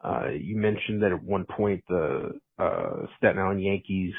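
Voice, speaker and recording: A man's voice: deep voice, unhurried, creaky, husky, dry recording. A man leaving an earnest voicemail, correcting a detail with many fillers. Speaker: caller. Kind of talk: voicemail message. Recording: tinny phone line.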